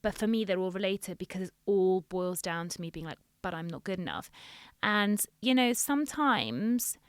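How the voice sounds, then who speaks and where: A woman who works as a dentist, talking frankly in casual podcast chat and getting animated when she tells stories. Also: medium pitch, normal speed, clear, resonant tone, dry recording, studio quality.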